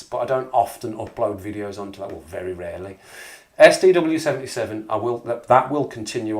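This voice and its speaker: A man with a Black Country accent hosting a casual live stream, chatting and joking as he reads out viewers' messages. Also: medium pitch. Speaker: livestream host. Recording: echoey room.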